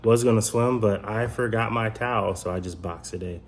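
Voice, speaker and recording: A man's voice: lowish voice, moderate pace, a little hiss or hum. A man chatting casually to camera in a home vlog, filmed in his kitchen, with many ums and restarts. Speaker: vlogger.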